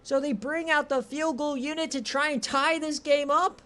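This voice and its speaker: A man giving excitable, profane play-by-play of a streamed online football game, his voice strained from shouting. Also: moderate pace. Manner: swings from shouted calls to low, relaxed chatter. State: straining voice, says he is losing it.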